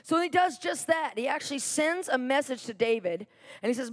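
Woman preacher with a fairly high voice who drives home a sermon story through repetition. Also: fairly quick. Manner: animated Bible storytelling with repetition.

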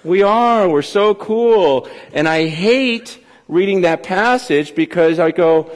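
Animated high-voiced pastor in echoing hall. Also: male voice, slow pace. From California. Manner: candid, confessional, animated with restarts. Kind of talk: sermon. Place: church hall. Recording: long hall reverb.

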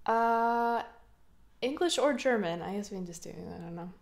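A woman chatting casually on a live stream, reading chat and giggling often, with soft, mumbly trailing speech. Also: fairly high pitch, animated, moderate pace. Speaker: streamer and singer.

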